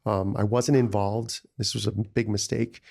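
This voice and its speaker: Gravelly, rambling New man. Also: on the low side, moderate pace. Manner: rambling, full of "you know" and "like", animated. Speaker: restaurant founder, podcast guest. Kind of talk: casual storytelling interview.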